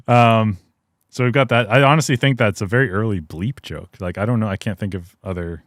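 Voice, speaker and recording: Male podcast co-host, rambling and filler-heavy, low voice. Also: a little fast, no echo, clean studio sound. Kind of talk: casual chat.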